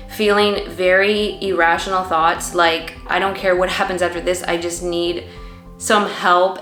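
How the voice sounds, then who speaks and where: A woman's voice: on the low side, creaky, sharp tone, echoey room. Earnest woman telling her birth story. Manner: earnest, emotional, many "like" fillers. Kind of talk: personal storytelling to camera.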